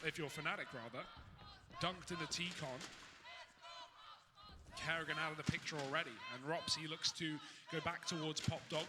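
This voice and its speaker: A high-pitched man calling esports play-by-play, rapid and excitable. His voice rings in a long hall echo. Loud noise and clicks sit behind him. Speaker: esports caster. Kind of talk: play-by-play commentary.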